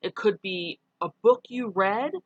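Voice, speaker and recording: A woman's voice: medium pitch, unhurried, dry recording, lo-fi sound. A middle-aged woman, giving a casual lecture and often correcting herself with ums. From New York. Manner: conversational, with frequent ums and self-corrections. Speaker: teacher. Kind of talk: recorded online lecture.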